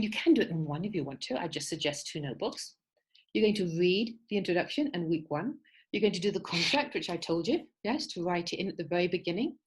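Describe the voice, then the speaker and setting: A woman's voice: mid-range voice, a little mellow, low-quality recording. A woman teaching an online creativity workshop, giving instructions in an encouraging way and checking in with her listeners. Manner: encouraging, repeats "okay?" to check in; acts out quoted voices while telling a fable.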